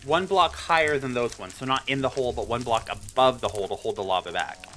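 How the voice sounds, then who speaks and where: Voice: mid-range voice, fast talker, a bit bright. A Minecraft creator talking through their own gameplay, exasperated, telling the game's mobs off and muttering mild curses at them. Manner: exasperated, talks to the game mobs, swears mildly. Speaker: Minecraft let's-play creator. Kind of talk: live gameplay commentary.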